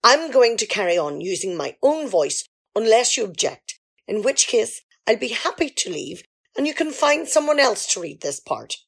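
Beyonce Bun, a woman's husky diva. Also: on the high side, very animated, moderate pace, heavily acted. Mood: grand. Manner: theatrical, self-important storytelling. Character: grand diva singer, a woman. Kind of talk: amateur radio comedy sketch.

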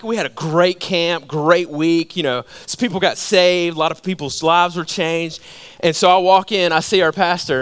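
High-voiced animated male preacher. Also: smooth. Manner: animated storytelling with rhetorical questions. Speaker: pastor. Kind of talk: sermon.

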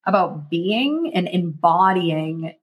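Woman, coach type, husky voice, lively motivational delivery in casual chat. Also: lowish voice. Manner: energetic, motivational, quick bursts. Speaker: guest, emotional intelligence coach.

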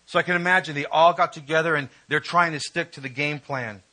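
A male preacher giving an emotional, emphatic sermon, reading scripture and rising in pitch when stirred. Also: fairly even intonation, fairly quick, hardly any pauses, pushed and bright, poor audio.

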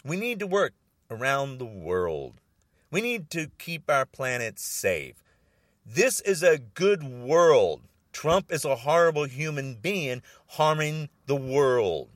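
A man's voice: medium pitch, sing-song, slow pace, no room sound, studio quality. An older man in an angry, agitated political rant, repeating himself and stumbling over restarts.

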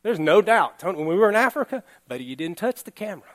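A man pastor giving a relaxed, conversational sermon, laughing now and then and often checking in with the congregation. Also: high voice, quick pace. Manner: chatty, laughing, keeps asking "all right?".

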